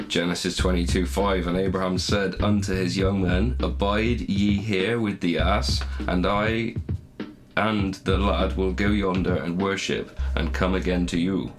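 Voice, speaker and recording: Deep-voiced hungover man, stumbling reading. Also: steady tone, measured pace, faint music behind. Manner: stumbling, laughing, swears casually. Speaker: podcast co-host reading scripture aloud. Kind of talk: casual chat and slow halting reading.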